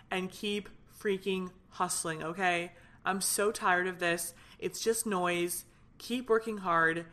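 Young female podcast host, fired-up casual venting, rambly, mid-pitched voice. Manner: fired up, animated, rambling with many fillers.

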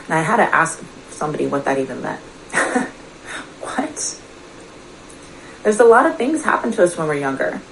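A woman's voice: fairly low pitch, a bit bright, slight background noise, low-quality recording. A woman coach giving a motivational talk straight to her listeners, earnest and confiding, often asking them questions. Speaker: personal development coach. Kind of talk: motivational direct-to-camera talk.

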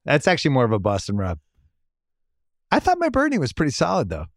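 A man's voice: medium pitch, wildly swooping pitch, rapid-fire, no room sound, studio quality. A middle-aged man hosting a casual sports podcast, teasing and joking with his guest. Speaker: podcast host.

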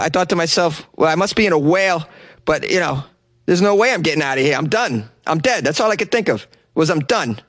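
A man's voice: fairly high pitch, a bit bright, no room sound, clean studio sound, pitched above the performer's own voice. A man putting on a Boston accent to voice a shaken middle-aged diver who stumbles over his words. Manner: halting, repeats words.

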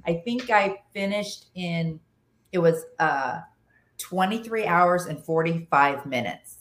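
A woman with a low voice tells a story in casual podcast chat. She is animated, restarts her sentences often and acts out what other people said. The room behind her sounds echoey. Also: slow pace. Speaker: podcast guest, long-distance motorcycle rider.

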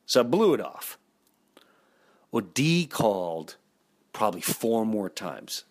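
Animated man telling comic stories. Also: lowish voice, takes it slowly. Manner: animated, exasperated, acts out voices. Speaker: comedian, podcast host. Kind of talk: comic storytelling.

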